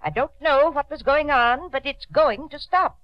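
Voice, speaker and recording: An actress playing a stern older aunt who runs a nursery school, imperious and scolding, in old-time radio drama style. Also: female voice, high voice, moderate pace, no room sound, close to an everyday voice. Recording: dull lo-fi old radio recording.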